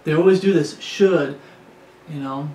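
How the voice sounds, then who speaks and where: A man's voice: on the high side, measured pace, a little mellow. A man preaching a sermon, earnest and repetitive, often restarting his phrases. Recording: echoey room with faint background noise.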